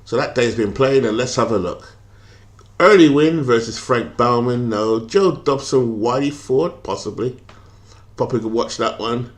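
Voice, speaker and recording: A British man talks through a sports management game on a live stream in a relaxed, rambling way. He thinks aloud, pauses on "uh" and "um," and reads out notes from his viewers. His voice sits at an ordinary, mid-range pitch for a man. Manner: chatty, thinks aloud, reads out viewer comments, many fillers. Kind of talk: casual live-stream commentary.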